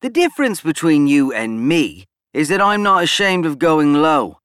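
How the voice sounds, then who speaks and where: A man's voice: very animated, normal speed, a bit bright, no room sound, clean studio sound. A man doing a brash, boastful schemer. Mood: threatening. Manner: snapping, boastful, raised pitch. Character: brash arrogant male politician, scheming.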